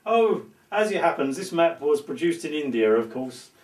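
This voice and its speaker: A boastful, pompous aristocrat, acted by a man in an amateur comedy sketch. He speaks slowly and proudly in a high voice. The recording is echoey and distant from the mic. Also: big pitch swings, darkish tone. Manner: haughty, slow and proud. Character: pompous boastful old English lord, imperial nostalgic. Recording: echoey room, voice from far off.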